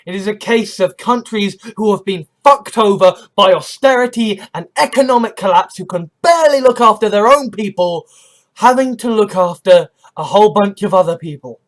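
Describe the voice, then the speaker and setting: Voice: mid-range voice, moderate pace. English speaker on a heated, profane rant. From England. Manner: heated and profane, often asks "right?" or "you know?". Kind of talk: impassioned spoken rant.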